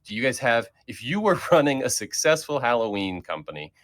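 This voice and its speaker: A man's voice: mid-range voice, sing-song, brisk. A man leading a casual group chat as host, talking in a rambling way with many fillers and restarts.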